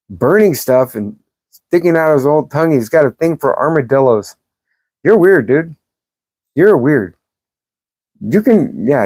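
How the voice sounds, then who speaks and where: A woman's voice: low-pitched, darkish tone, husky, dry recording. A woman hosting a livestream, reading chat comments and answering them in a blunt, profane, sarcastic way. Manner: combative, sarcastic, calls out commenters. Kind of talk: live-stream commentary.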